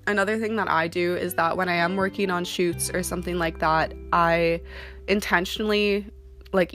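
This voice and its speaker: A young woman talks casually about modeling work, rambling and chatty with plenty of ums and likes. Her voice sits low with a gravelly rasp. Soft guitar music plays faintly underneath. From Canada. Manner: chatty, full of fillers like "um" and "like". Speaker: model giving career advice. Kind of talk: casual talking-to-camera advice.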